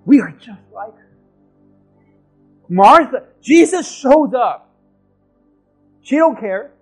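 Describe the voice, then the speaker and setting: A male pastor preaching a sermon in church, impassioned and shouting for emphasis. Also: extremely high pitch, expressive, slow pace, husky, soft background music.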